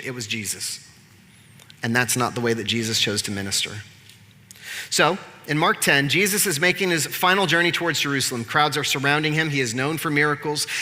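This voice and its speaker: A man preaching, his voice sharp and cutting. He tells the story in an animated, joking, conversational way, and the sound carries a long echo through a large sanctuary. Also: mid-range voice. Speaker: pastor. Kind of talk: sermon. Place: church sanctuary.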